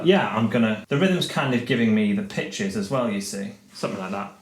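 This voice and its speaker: A music teacher thinks aloud while writing a jazz solo, casually humming and scatting the rhythms. His voice is fairly low, at normal speed with few pauses, in an echoey room.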